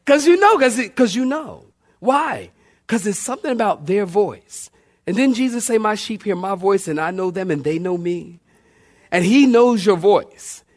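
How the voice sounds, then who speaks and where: A male pastor preaching a sermon with dynamic swings in pitch and loudness, calling out to the congregation. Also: lively intonation, normal speed.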